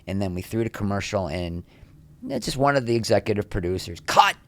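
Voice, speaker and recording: A man's voice: on the low side, brisk, no echo. A middle-aged man, an actor, telling candid behind-the-scenes stories as a podcast guest and acting out what others said. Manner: animated, acts out quotes from others. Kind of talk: candid storytelling interview.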